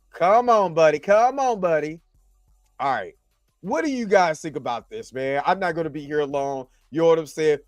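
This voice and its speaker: A man with a high, light voice delivers casual stream commentary from a laptop setup, talking straight to his viewers. He is animated and loose, full of slang and asides. The sound is close and dry, with no room echo. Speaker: YouTube commentary host. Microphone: laptop recording setup.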